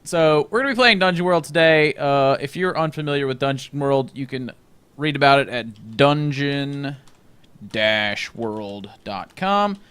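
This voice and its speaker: A man's voice: mid-range voice, lively intonation, unhurried, a bit bright, smooth, no room sound. A man hosting a tabletop game stream over a voice call, chatty and joking, laughing and swearing. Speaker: stream host. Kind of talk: casual chat.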